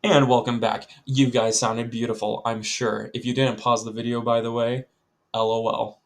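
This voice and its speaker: A young man teaches a recorded music lesson to children, chatting directly to the students and filling pauses with many ums. His mid-range voice has a flat delivery.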